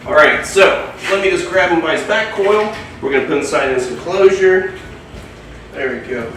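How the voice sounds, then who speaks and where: Excitable man talking to his snakes. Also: normal speed, slight background noise. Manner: excited, coos at the snakes in a high voice. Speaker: reptile keeper and channel host. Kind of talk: casual vlog narration. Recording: roomy, distant, music behind.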